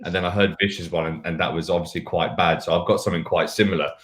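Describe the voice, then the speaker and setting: Low-voiced man telling stories. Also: fairly even intonation, quick pace. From United Kingdom. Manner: candid, rambling anecdotes with self-mocking asides. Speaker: podcast panelist and mentor. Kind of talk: casual podcast storytelling.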